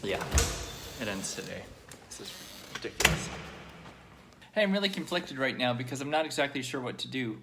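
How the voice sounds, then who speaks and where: A young man recording a personal video diary, halting and emotional, choked up at times and pausing often with fillers. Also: mid-range voice, very noisy. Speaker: vlogger.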